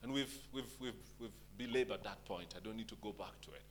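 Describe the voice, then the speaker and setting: A man's voice: lowish voice, quick pace, a little hiss or hum. A man preaching a sermon, asking the congregation rhetorical questions and urging them to stay with him.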